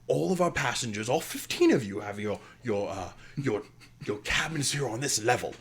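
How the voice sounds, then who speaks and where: A man voicing a big, cheerful male minotaur ship captain who talks in a hurried, booming way. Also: sing-song. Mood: friendly.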